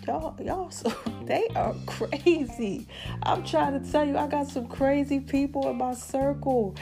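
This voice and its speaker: High-voiced chatty woman podcaster. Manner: chatty, laughs often, addresses listeners as y'all and baby. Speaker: podcast host. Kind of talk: casual talk podcast monologue.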